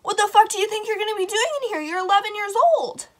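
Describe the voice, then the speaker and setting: A woman's voice: very high voice, quick pace, voice pushed up. A young woman voicing a crude, exasperated mother scolding her preteen daughter. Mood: indignant scolding. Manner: swearing, exasperated.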